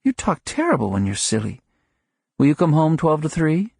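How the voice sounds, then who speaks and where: A man narrating an audiobook lifts into an affectionate small-town wife, lilting high and light as she coaxes and chides. The voice is slightly husky and sits close and dry, with no room around it. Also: wildly swooping pitch, normal speed, darkish tone, no room sound, heavily acted. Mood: fond scolding. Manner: light, coaxing and chiding. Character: fond small-town wife, patient and gently scolding. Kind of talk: audiobook character reading.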